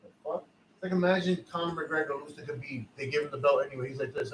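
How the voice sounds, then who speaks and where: A man's voice: on the high side, little pitch movement, fast talker, slight background noise. A man co-hosting a live fight reaction show, ranting heatedly with lots of profanity and repetition. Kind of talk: casual live reaction chat.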